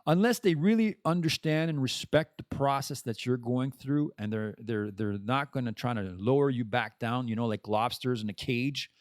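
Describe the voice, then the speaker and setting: A man's voice: medium pitch, moderate pace, hardly any pauses, dry recording, clean studio sound. A man hosting a podcast, talking candidly and in a rambling way about recovery. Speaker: podcast host. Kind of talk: casual monologue.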